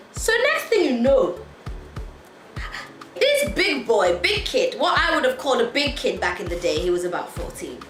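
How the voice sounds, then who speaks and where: A woman vlogger telling a story in an animated way, laughing as she goes. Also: high voice. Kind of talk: storytime vlog. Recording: echoey room, faint music.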